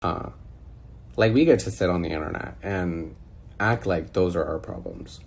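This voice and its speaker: A man ranting in disbelief on a phone video call, animated and exasperated. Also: sits low, normal speed. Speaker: social media personality. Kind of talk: casual rant on a video call.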